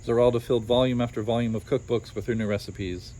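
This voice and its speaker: A man's voice: medium pitch, fairly even intonation, fast, warm tone, a little hiss or hum. A man reading a children's story aloud, adding wry asides of his own.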